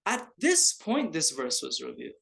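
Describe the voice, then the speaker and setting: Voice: mid-range voice, huge pitch swings, moderate pace, gravelly, fairly bright tone. A teacher walks a class through scripture, mixing in Arabic terms and honorifics. The delivery is explanatory, with rhetorical questions, repetition for emphasis and frequent restarts. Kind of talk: online class lecture.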